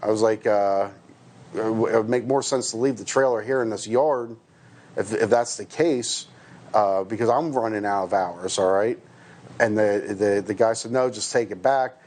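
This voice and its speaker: A man's voice: on the low side, moderate pace, darkish tone. A man from the United States, a truck driver, giving a hesitant personal account with many restarts and fillers.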